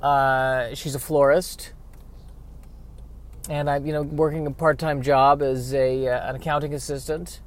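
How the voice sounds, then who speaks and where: A man's voice: medium pitch, flat delivery, a little slow, lightly acted. A man voicing a mild-mannered Frankenstein's monster, an easygoing, self-accepting figure who rambles with hesitant fillers, recorded in a car while driving. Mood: laid-back, earnest. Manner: rambling, hesitant, full of "you know" fillers.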